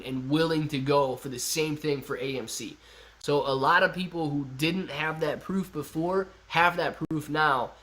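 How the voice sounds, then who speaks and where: Chill guy streaming, reads the chat out loud, kinda high voice, easygoing. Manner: chatty, laid-back, says "man" and "dude" a lot. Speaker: livestream host reading chat. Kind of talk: casual live-stream chat.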